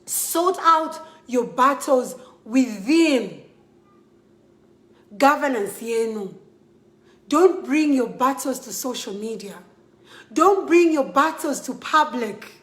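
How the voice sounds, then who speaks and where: A young woman with a Zambian accent delivers an impassioned appeal straight to the camera, emphatic and repetitive as she pleads and scolds. Her voice sits high, and the room around her echoes. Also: animated, takes it slowly, long pauses, a bit bright. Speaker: model speaking out.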